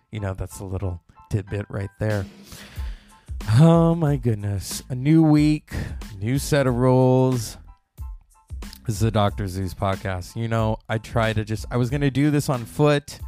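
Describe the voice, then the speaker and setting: A man's voice: fairly low pitch, a little mellow. A man hosting a casual solo podcast, rambling and gossipy, recorded close to the mic at home. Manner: rambling, gossipy, puts on mocking voices for quotes. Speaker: podcast host. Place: indoors at home. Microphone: mic close to the mouth.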